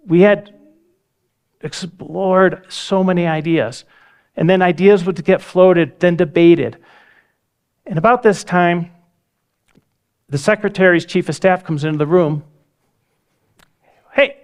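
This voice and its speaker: A man's voice: on the high side, unhurried, long pauses. A man giving a talk, telling a story with vivid acted-out dialogue. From United States. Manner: vivid, acts out quoted dialogue. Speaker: speaker. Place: lecture hall.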